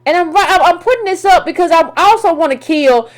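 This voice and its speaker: Woman, high voice, political commentator, emphatic rant, casual phrasing, rhetorical questions. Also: lively intonation, brisk. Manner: emphatic, repetitive, colloquial.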